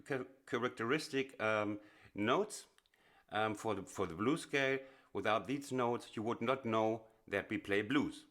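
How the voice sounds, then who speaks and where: A man teaching blues piano in a chatty, explanatory way, often pausing with fillers and restarting phrases. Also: medium pitch. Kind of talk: casual instructional explanation. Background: piano playing.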